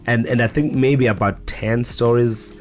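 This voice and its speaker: A man's voice: mid-range voice, fairly even intonation, measured pace, soft background music. A middle-aged man, an author and guest, talking in a casual interview in a reflective, storytelling way with frequent restarts.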